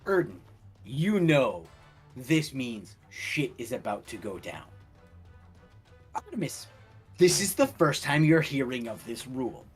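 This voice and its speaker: A young man running a tabletop game as dungeon master, telling the scene in an animated way and laughing often. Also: medium pitch, breathy edge, faint music behind. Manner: slow, animated storytelling with laughter.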